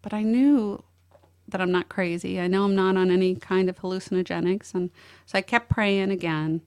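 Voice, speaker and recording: A woman's voice: mid-range voice, fairly even intonation, moderate pace, clean tone. Earnest middle-aged woman telling her story. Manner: earnest, emotional storytelling with restarts. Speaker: guest. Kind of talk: personal testimony in an interview.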